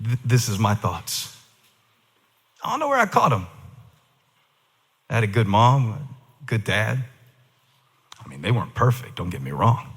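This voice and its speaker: A male pastor preaching emphatically, shifting from quiet asides to shouted declarations. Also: medium pitch, husky. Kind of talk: sermon. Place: large church auditorium. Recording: reverberant large hall.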